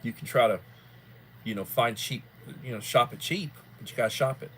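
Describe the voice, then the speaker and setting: A man's voice: medium pitch, brisk, a bit bright, a little hiss or hum. A man hosting a livestream in casual chat, rambling in a folksy way and repeating himself. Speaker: livestream host.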